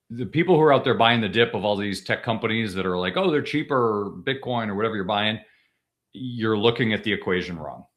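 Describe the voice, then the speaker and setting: A man's voice: fairly low pitch, fairly bright tone. A man co-hosting a casual podcast discussion, talking emphatically and driving points home by repeating them, with frequent restarts. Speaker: podcast co-host.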